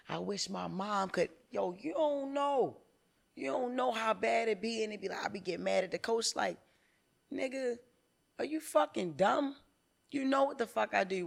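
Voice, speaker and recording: A woman in her thirties, a comedian guest on a podcast, telling candid stories in an animated, profane way. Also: mid-range voice, gravelly.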